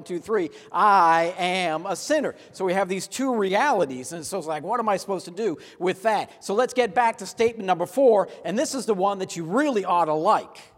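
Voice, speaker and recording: A man with a high voice preaches a sermon in a church sanctuary. He speaks earnestly and leads the congregation in call-and-response. His voice rings with long hall reverb. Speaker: pastor.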